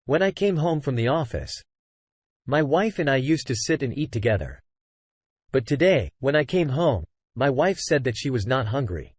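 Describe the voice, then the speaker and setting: A man's voice: mid-range voice, big pitch swings, normal speed, a little mellow, breathy edge, no room sound. A man narrating a personal story in the first person, earnest and conversational, with frequent fillers.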